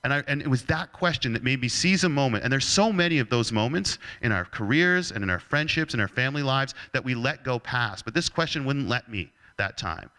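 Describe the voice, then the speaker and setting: Man, keynote speaker, lively swooping delivery, bright edge; humorous storyteller. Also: medium pitch, brisk, hardly any pauses. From Canada. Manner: animated, joking storyteller. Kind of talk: motivational talk with humorous storytelling.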